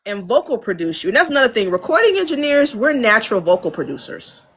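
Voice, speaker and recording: Talking fast in a husky voice on the high side, an American audio engineer and producer gives a frank, casual interview from her home studio. She laughs a lot and tells stories vividly, acting out exchanges from studio sessions.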